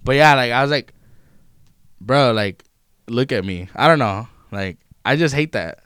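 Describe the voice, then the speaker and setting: A young man tells a story in a loud, profane, animated way. His voice is smooth and clear. It sounds close and dry, with no room around it. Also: mid-range voice, a little slow, dry recording. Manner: profane, animated retelling of customer-service run-ins. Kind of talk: casual storytelling chat.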